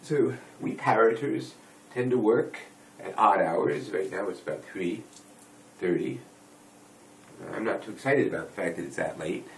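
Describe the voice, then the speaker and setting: Man, low and gravelly, rambling wry vlog monologue, swings his pitch around a lot. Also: lively intonation, a little slow, slight background noise, low-quality recording. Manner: rambling, self-correcting, wry and teasing. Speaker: video blogger. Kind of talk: late-night rambling monologue to camera. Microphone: dedicated microphone rather than phone.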